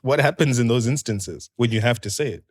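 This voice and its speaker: Playful podcast host, dry close sound. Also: male voice, mid-range voice, brisk, dry recording. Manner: playful, teasing, laughs often. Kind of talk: casual podcast interview.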